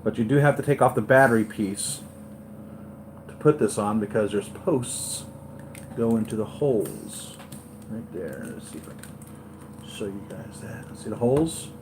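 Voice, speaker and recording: A man hosting a live toy unboxing, gushing and excitable, often repeating himself. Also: fairly low pitch, unhurried, pauses often, background noise. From United States. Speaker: toy collector vlogger.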